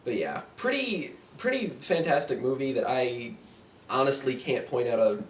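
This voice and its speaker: A young man co-hosting a casual film review chat, talking in an animated, rambling way full of restarts and fillers. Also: mid-range voice, normal speed, a little hiss or hum. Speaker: podcast co-host. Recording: roomy, distant mic with faint ambience.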